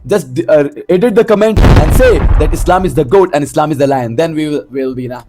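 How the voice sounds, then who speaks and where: A man's voice: a little high, a little fast, mellow, soft background music. A young man, ranting bluntly and profanely as an MMA YouTuber, switching into Hindi mid-sentence. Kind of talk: casual streamer commentary.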